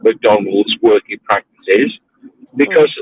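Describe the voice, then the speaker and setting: A man's voice: fairly low pitch, takes it slowly, breathy edge, no echo. A man, ranting in casual chat while driving his car, swearing freely. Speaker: livestream host. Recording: tinny phone line.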